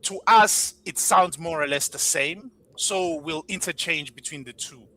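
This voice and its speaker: Guy on a panel, high bright voice, keeps repeating himself, explains everything, bit of hiss. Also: a little slow. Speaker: panel guest. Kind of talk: casual panel debate.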